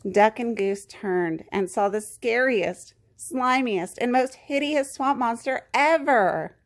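A woman reading a children's picture book aloud, gently and expressively. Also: fairly high pitch, takes it slowly. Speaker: children's story reader.

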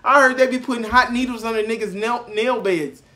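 A young man doing loud, mocking reaction commentary, cursing and breaking into shouting laughs. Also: very high-pitched, brisk. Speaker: reaction video host.

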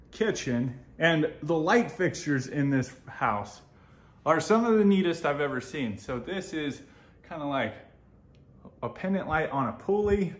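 A man hosting a home tour video, walking around a model house and gushing over its features in a chatty, upbeat way. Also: medium pitch. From United States. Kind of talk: enthusiastic home tour walkthrough.

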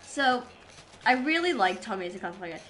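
Excitable young woman rambling on stream. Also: on the high side, a little fast, slight background noise. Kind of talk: casual chat while gaming. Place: home streaming setup.

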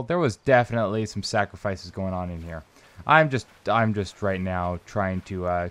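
A man's voice: lowish voice, no room sound. A man hosting a let's play video, rambling and joking as he comments on a horror game. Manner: joking, rambling, mock voices for characters. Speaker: gaming channel host.

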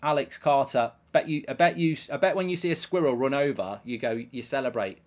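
Commentating live on his football game, a streamer grumbles and swears about his performance and reads out chat messages. He speaks a little fast in a mid-range voice.

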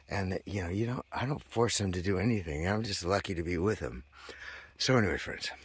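A man's voice: fairly low pitch, a bit bright, slightly rough, no echo. A man talking to his viewers in a meandering, tangential monologue, full of fillers and restarts. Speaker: vlogger.

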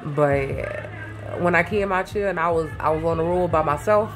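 A woman's voice: fairly low pitch, moderate pace, music in the background. A woman vlogging from her garage into a phone, rambling and swearing, easily sidetracked and calling her viewers baby and y'all. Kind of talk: casual chat to camera. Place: home garage. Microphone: phone held close.

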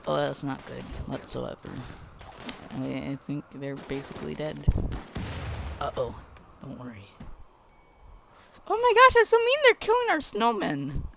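A game commentator reacting excitedly to the action, gasping and exclaiming, in let's play commentary. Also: medium pitch, unhurried, creaky, long pauses, background noise.

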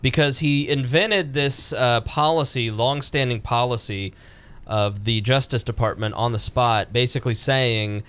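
A man's voice: measured pace, few pauses, fairly bright tone, smooth. A young man hosting a political talk podcast, chatting casually and sarcastically. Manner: sarcastic, mimics politicians in high voices. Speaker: podcast host.

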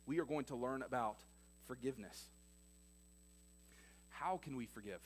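A man preaching a sermon as pastor of a church, retelling stories with his loudness swinging between emphatic and hushed. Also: medium pitch, normal speed, slight background noise.

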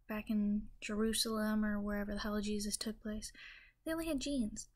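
A woman with a Southern US accent telling a rambling mock-religious comedy story in a folksy, deadpan way. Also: medium pitch, normal speed.

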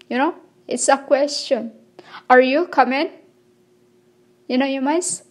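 A woman delivering a rambling spiritual monologue in halting, broken phrases, pleading with her listeners. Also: high-pitched. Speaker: self-proclaimed spiritual messenger.

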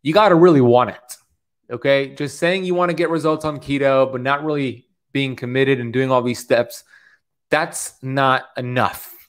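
A man's voice: medium pitch, moderate pace. A man in his thirties coaching on the keto diet, talking to camera in an upbeat, preachy way, often checking in with "okay?". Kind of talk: motivational talk to camera.

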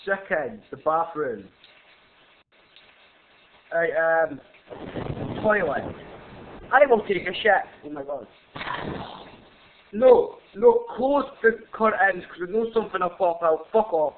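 A man's voice: high voice, animated, slow, long pauses. A young man commentates a horror game, swearing and panicking as he plays. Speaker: gamer playing a horror game. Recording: tinny lo-fi mic with hiss.

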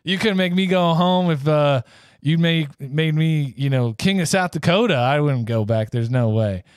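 A man's voice: mid-range voice, a little fast, no room sound, clean studio sound, close to an everyday voice. A man voicing a stubborn young corn farmer, brash and dismissive. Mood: defiant.

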